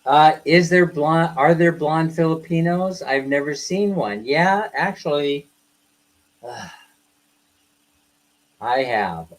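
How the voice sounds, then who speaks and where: A man's voice: on the high side, slow pace, long pauses, low-quality recording. A middle-aged man hosting a livestream, reading jokes aloud and chatting with his viewers, laughing at his own punchlines and wandering into asides. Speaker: livestream host.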